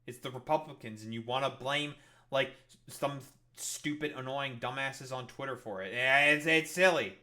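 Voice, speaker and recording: A man's voice: mid-range voice, normal speed, sharp tone. A man streaming a reaction to a clip, ranting about politics with constant swearing and mocking exasperation. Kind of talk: profane political rant.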